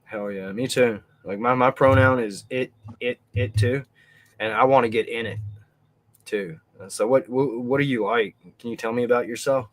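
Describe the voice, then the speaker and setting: A man's voice: medium pitch, moderate pace. A man hosting a casual livestream, rambling and swearing crudely. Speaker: host.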